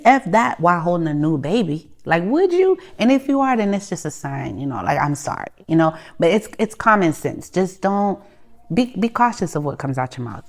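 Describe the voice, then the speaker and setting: A young adult woman with a Haitian family background, talking bluntly and conversationally as she hosts a self-help video, with animated bursts and frequent restarts. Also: lowish voice. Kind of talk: candid advice monologue. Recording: soft music behind the voice.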